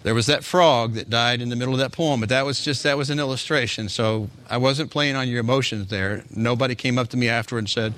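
A man's voice: medium pitch, quick pace, few pauses, a bit bright. A male pastor preaching a sermon in a conversational way, with speech and rhetorical asides to the congregation.

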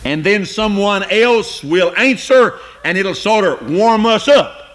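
Male preacher, high and bright tone, deliberate pace, emphatic on scripture. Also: lively intonation. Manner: slow, rising to high emphatic peaks on scripture; drops low and quiet on asides. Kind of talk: sermon.

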